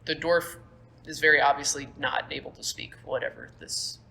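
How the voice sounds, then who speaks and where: A woman's voice: sits low, normal speed, gravelly, sharp tone, a little hiss or hum. Young woman running a tabletop game. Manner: casual, rambling with fillers. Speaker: game master. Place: school room. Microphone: phone on the table.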